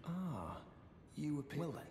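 A grave, devout keeper of holy lore. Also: male voice, on the high side, big pitch swings, noisy background. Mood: solemn. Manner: grave, formal, measured. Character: solemn devout man guarding holy lore. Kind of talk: video game dialogue. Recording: reverberant game audio with music.

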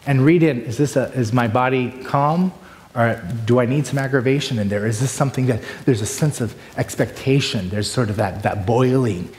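A man giving a conference lecture on preaching, animated and demonstrative, swinging between loud bursts and hushed asides. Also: medium pitch. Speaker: preaching workshop speaker. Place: large hall with long reverb. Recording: echoey hall from far off.

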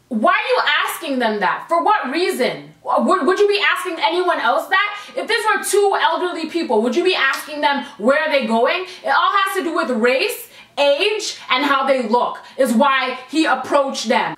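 A young woman vents to her viewers in a storytime vlog, exasperated and emphatic, with swearing sprinkled through. Her voice sits high. The room around her gives off a noticeable echo. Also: very animated, moderate pace, bright, forceful tone. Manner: exasperated, profane and emphatic, talking straight to viewers. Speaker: vlogger. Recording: echoey room.

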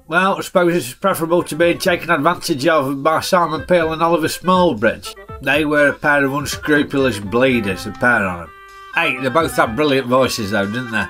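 Bright chatty man. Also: fairly high pitch, moderate pace, soft background music. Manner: chatty, jokey, broad dialect. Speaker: film reviewer, channel host. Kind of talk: casual film review.

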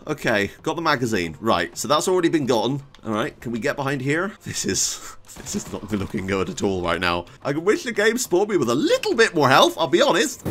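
Excitable gamer, wildly swinging pitch. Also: a little fast, a little hiss or hum. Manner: excitable, swings from muttering to yelling. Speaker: gaming YouTuber. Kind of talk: let's play commentary.

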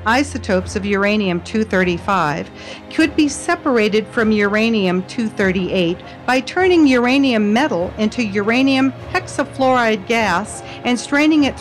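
Insistent conspiratorial woman over faint music. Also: fairly high pitch. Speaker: video blogger. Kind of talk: casual explanatory monologue.

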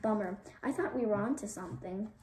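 A woman's voice: mid-range voice, brisk, mellow, lightly acted. A woman voicing a spunky young girl who talks bluntly and plainly. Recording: roomy, distant mic, faint noise.

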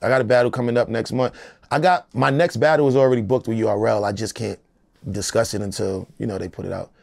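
A man's voice: fairly low pitch, fairly even intonation, quick pace, gravelly, a little mellow, no room sound. A middle-aged American man, a rapper in an interview, talking in a loose, emphatic, streetwise way. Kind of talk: casual interview talk.

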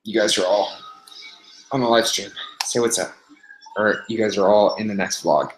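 A man's voice: on the low side, normal speed, long pauses. Pained man groaning through a livestream. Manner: groaning, sighing and swearing between remarks. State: in pain from a burned hand. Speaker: vlogger host. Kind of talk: casual livestream chat to viewers. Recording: echoey room, faint noise.

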